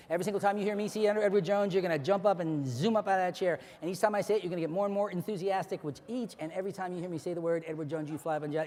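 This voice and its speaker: Fast-talking stage hypnotist man. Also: fairly high pitch, darkish tone. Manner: rapid, repetitive hypnotic suggestions; commanding, playful with volunteers. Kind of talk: live hypnosis stage show. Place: large hall before an audience. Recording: echoey hall, live stage.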